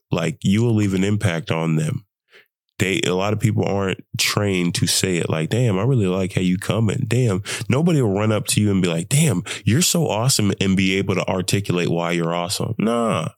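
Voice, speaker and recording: A young man hosting a podcast, sick with the flu, talking in an animated, preachy way and laughing often. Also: deep voice, creaky, no room sound. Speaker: podcast host. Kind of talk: casual motivational monologue.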